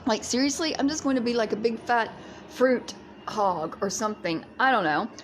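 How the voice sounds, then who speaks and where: A woman's voice: fairly high pitch, lively intonation, normal speed, a little hiss or hum. A woman live-streaming a casual chat to her viewers from her home, bubbly and exclamatory, often breaking into giggles. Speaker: livestream vlogger. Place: at home in Fiji.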